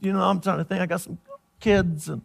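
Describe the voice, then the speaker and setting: A middle-aged man, a pastor, telling a family story in sermon style, animated and laughing as he acts out the voices in it. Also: high voice, a little fast, creaky.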